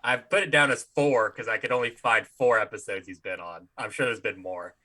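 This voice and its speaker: Bright-voiced laid-back podcast co-host. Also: male voice, lowish voice, brisk. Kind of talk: casual comedy podcast chat.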